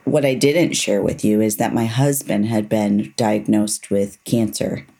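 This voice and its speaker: A middle-aged woman, a neuropsychologist guest, speaking earnestly and candidly about her past. She slows down to stress her key points. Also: very deep voice, fairly even intonation, mellow. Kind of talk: personal storytelling in a conversation.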